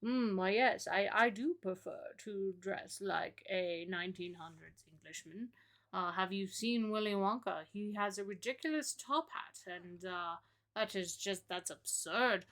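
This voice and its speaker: A woman voicing a posh, pompous male gentleman with a put-on British accent and a menacing streak. He speaks in an affected drawl. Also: mid-range voice, unhurried. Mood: haughty.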